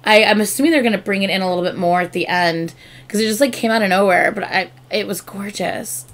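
A woman hosting a reaction video, chatting casually and gushing excitedly with lots of fillers. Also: medium pitch, quick pace.

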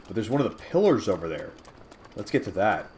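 A man hosting a let's-play, giving excitable, casual commentary, swearing at and taunting enemies. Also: fairly low pitch, brisk, slight background noise. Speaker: gaming channel host.

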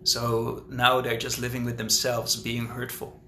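A man hosting a casual live question-and-answer stream about his book, rambling and thinking out loud as he talks. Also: medium pitch, completely flat delivery, measured pace, slight background noise. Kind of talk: casual livestream chat. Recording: roomy echo with faint ambience.

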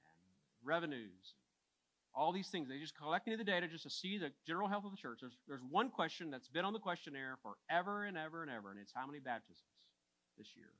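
A man preaching a sermon as pastor, moving from hushed lines to emphatic ones and repeating phrases for emphasis. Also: a little high.

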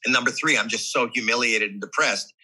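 Podcast guest, male, very bright and husky timbre, animated and earnest storyteller. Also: medium pitch, a little fast, low-quality recording. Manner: animated, acts out his own and others' voices; candid and earnest. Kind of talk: emotional personal storytelling in an interview.

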